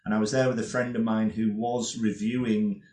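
A man's voice: fairly low pitch, level tone, moderate pace, a little mellow, reverberant. A man hosting a podcast, asking questions and telling anecdotes in a friendly, casual way. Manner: friendly, anecdotal, frequent "yeah" backchannels. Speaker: podcast host. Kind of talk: casual interview chat.

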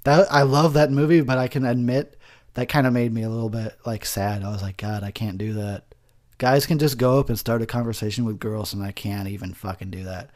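A man's voice: medium pitch, steady tone, fairly quick, darkish tone. Rambling tipsy man with profane humor. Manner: rambling, profane, laughs often. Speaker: movie commentary host. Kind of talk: drunken movie commentary.

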